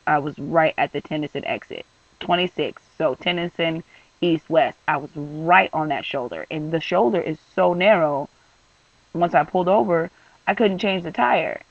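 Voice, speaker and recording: A man's voice: on the high side, normal speed, creaky, no room sound, recorded from a distance, highs cut off. A young man venting in a vlog, rambling and exasperated with lots of fillers. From San Francisco Bay Area. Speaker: vlogger.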